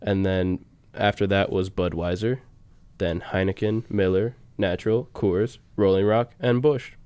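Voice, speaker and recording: A man's voice: sits low, fairly even intonation, a little slow, darkish tone, smooth, no room sound. Young man rambling casually on radio. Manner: rambling, laughs often, trails off into fillers. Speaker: radio show co-host.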